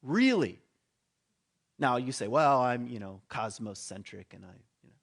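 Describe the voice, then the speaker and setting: A man's voice: medium pitch, very animated, a little slow, creaky. A man preaching a sermon in a conversational way, acting out the voices of the people in his story and dropping his voice for asides. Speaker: pastor.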